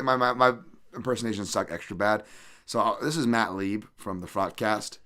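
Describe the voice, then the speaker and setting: A man's voice: medium pitch, expressive, normal speed, pushed and bright. A man hosting a podcast, talking in a rambling, profane, self-deprecating way. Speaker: podcast host. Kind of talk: casual podcast monologue.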